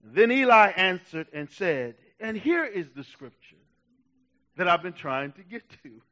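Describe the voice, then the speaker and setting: Man, pastor, sermon, very high voice, impassioned, hushed to shouting, dull lo-fi recording. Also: big pitch swings, measured pace.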